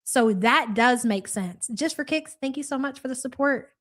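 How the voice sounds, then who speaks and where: A woman's voice: sits high, expressive, normal speed. A woman hosting a live reaction stream, commenting sarcastically and reading out viewer messages. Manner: sarcastic, reads out chat messages. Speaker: host.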